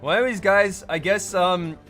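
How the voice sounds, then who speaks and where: A man hosting a live racing stream, interviewing drivers in an excitable, joking way. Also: normal speed. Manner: excitable and joking, swearing, lively pitch swings. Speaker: race host and interviewer. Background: music.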